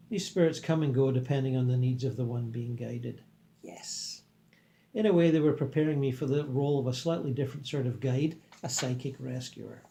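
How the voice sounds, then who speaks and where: A man reading a book aloud in a calm, earnest manner and adding his own comments. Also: medium pitch, vocal fry. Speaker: reader and commentator.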